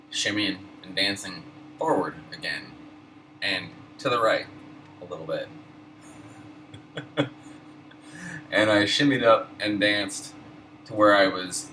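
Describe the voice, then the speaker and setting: Low-voiced laid-back stoned storyteller, a man. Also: bright, forceful tone. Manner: laid-back, profane, wry. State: high. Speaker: host. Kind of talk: casual storytelling. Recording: distant mic, air-conditioner hum.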